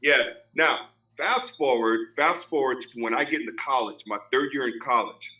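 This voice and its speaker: A man's voice: medium pitch, moderate pace, bright, forceful tone, dull audio. A man hosting a casual podcast, telling stories animatedly and repeating his phrases. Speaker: podcast host.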